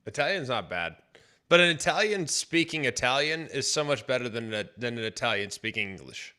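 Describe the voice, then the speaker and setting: Bright, eager male radio co-host. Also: mid-range voice, expressive, fairly quick. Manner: enthusiastic, filler-heavy. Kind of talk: casual morning radio chat. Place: radio studio.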